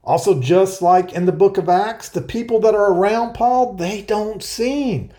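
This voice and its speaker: A man preaching an earnest verse-by-verse sermon, explaining scripture and reading passages aloud slowly. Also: high-pitched, mellow. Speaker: pastor. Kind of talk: Bible-teaching sermon.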